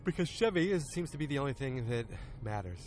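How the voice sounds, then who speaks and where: A man hosting a podcast, recapping an episode in a loose, casual way and acting out the characters' lines in quick quotes. He is recording outdoors in a park. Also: mid-range voice, lively intonation, darkish tone, faint music behind. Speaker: podcast host.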